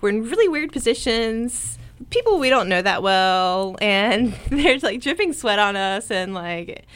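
An earnest woman talks through a casual interview, rambling and stacking "like" on nearly every phrase. Her voice sits at an ordinary middle pitch, and the sound is dry and close with little room tone. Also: big pitch swings, a little slow, fairly bright tone, clean tone, dry recording. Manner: rambling, heavy on "like" fillers; earnest and open. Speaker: podcast guest, jiu-jitsu competitor.

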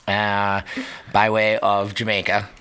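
A man's voice: on the low side, monotone, takes it slowly, bright, forceful tone, a little hiss or hum. A man in his late fifties, a regular on a casual radio chat, talking in a dry, sarcastic way. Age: 50s. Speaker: bar worker and show regular.

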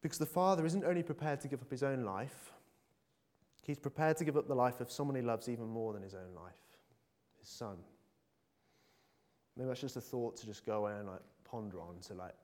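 Male preacher, mid-pitched, casual sermon delivery with ums, rising to fervent calls to the congregation. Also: a little mellow. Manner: earnest, hesitant with many fillers, builds to emphatic appeals. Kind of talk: conversational sermon.

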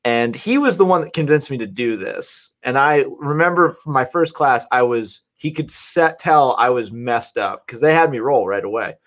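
Brief: man, mid-pitch, earnest reflective storyteller, casual chat. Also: lively intonation, moderate pace, few pauses.

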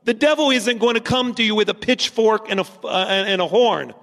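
Preacher, male, high-pitched, emphatic and repetitive, sermon in a church with long reverb. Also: brisk, fairly bright tone. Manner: emphatic, repeats lines for stress. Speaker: pastor.

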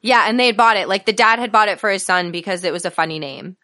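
Bright, clear-voiced woman, hesitant. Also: medium pitch, fast. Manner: hesitant, with frequent ums. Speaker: podcast co-host. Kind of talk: casual chat.

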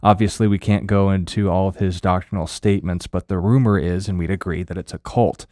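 A man co-hosting a Bible question show, answering in a quick, wry way with dry asides. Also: low-pitched, steady tone, a little mellow, no room sound. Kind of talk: casual radio Bible Q&A.

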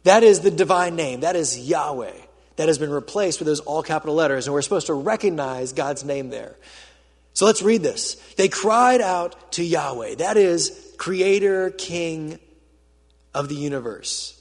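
High-voiced husky preacher in a hall. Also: male voice, expressive, normal speed. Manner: dramatic storytelling, swinging from loud to hushed. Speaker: pastor. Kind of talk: sermon. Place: church auditorium with a screen. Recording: reverberant hall.

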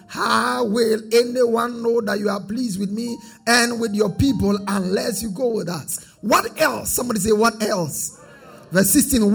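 A man's voice: sits high, vocal fry, a bit bright, slightly rough. A man preaching a sermon as pastor, drifting into a sing-song cadence and calling for the congregation to repeat after him.

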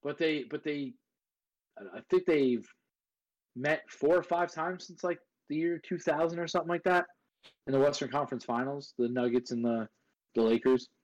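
A brash man co-hosting a casual sports podcast, talking in a slightly high voice. He gets riled up and curses freely as he trades takes with his co-host. His delivery is loud, pushy and full of bluster. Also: moderate pace, lo-fi sound. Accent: put-on accent at times.

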